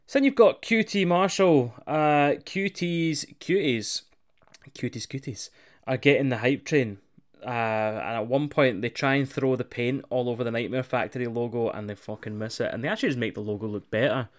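A man co-hosting a casual wrestling chat, swearing a lot and getting animated, sometimes mimicking voices. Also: medium pitch. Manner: sweary, animated, jokey, does mocking voices. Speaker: wrestling podcast co-host.

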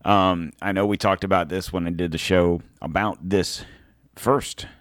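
A man's voice: sits low, fairly even intonation, measured pace, no room sound, studio quality. A man hosting his own show, delivering a rambling, heated and sarcastic political commentary monologue. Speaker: show host.

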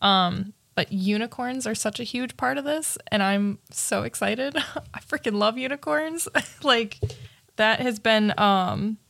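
Giggly woman with a gravelly edge. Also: on the high side, takes it slowly, no room sound. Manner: giggly and animated, laughs often. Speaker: podcast co-host. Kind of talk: casual movie review chat.

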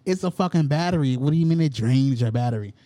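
A man's voice: medium pitch, lively intonation, fast talker, mellow. Profane, exasperated young man hosting. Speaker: podcast host. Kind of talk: casual chat.

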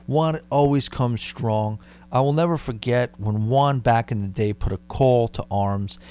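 A man's voice: mid-range voice, darkish tone. A man in his thirties with a Long Island New York accent, hosting a podcast and telling stories in a rambling, conversational way. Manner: rambling, conversational, dare-I-say asides. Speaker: podcast host. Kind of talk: casual storytelling.

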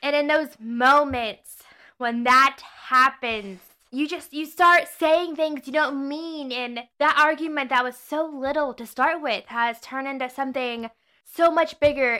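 A woman's voice: high-pitched, bright, forceful tone. A young woman hosting a faith podcast, talking earnestly in a preachy, casual way with frequent restarts and self-corrections. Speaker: podcast host.

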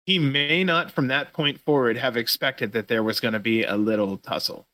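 A man hosting a casual podcast, talking through a recap in loose, profane play-by-play. His voice is bright and forceful, recorded close and dry with no room sound. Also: medium pitch, moderate pace, no echo. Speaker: podcast host.

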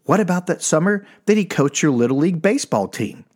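A man's voice: fairly high pitch, lively intonation, fast, a little mellow, pitched above the performer's own voice. A man voicing his blunt, indignant mother, who corrects and scolds in a raised, matter-of-fact voice. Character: exasperated blunt mother, middle-aged woman.

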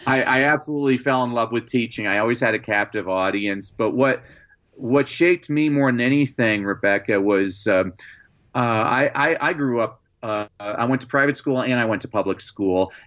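A man being interviewed as an educator and motivational speaker, telling lively stories with many "uh" fillers. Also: medium pitch, moderate pace, muffled recording. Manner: lively anecdotes, frequent "uh" fillers. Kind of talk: storytelling in a podcast interview.

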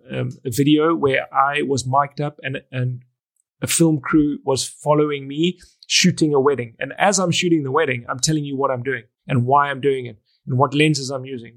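A man's voice: mid-range voice, gravelly. A middle-aged man, a wedding photographer and educator, telling stories in an interview and acting out the conversations he recalls. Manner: animated, acts out conversations, frequent restarts. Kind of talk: storytelling in a podcast interview.

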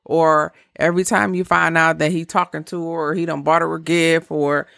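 A woman's voice: low voice, flat delivery, moderate pace, creaky, fairly bright tone, no echo, clean studio sound. A woman of around fifty giving blunt, profane relationship advice in a candid casual monologue with laughing asides.

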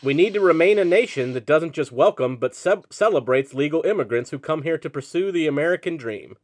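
A man's voice: fairly high pitch, lively intonation, a little fast. A man hosting a comedy game segment on a podcast, playful and jokey, laughing often. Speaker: game show host.

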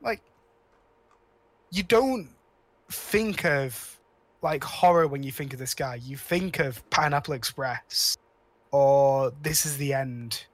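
A man's voice: medium pitch, takes it slowly, pauses often, no room sound. A man co-hosting a podcast, rambling casually about films with lots of restarts and cheerful swearing. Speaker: podcast co-host. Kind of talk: casual chat.

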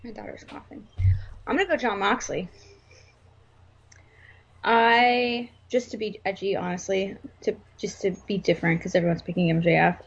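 Podcast co-host, woman, husky, rambling and jokey, lo-fi audio. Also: mid-range voice, steady tone, moderate pace, pauses often. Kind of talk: casual wrestling podcast chat. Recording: slightly dull lo-fi sound.

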